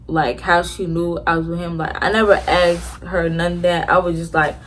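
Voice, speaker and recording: A woman's voice: fairly low pitch, little pitch movement, normal speed, slight background noise. A teenage girl telling a story to her viewers in a casual, slangy way, with many fillers and restarts. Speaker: vlogger.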